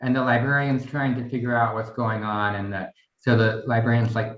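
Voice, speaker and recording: A middle-aged man talks as a podcast guest in a casual, rambling way and acts out bits of a joke. His voice sits at an ordinary pitch. It has a roomy echo and a dull, lo-fi sound. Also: little pitch movement, normal speed. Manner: chatty, rambling, telling a joke with acted bits. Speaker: guest, garden vice president. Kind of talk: casual interview chat.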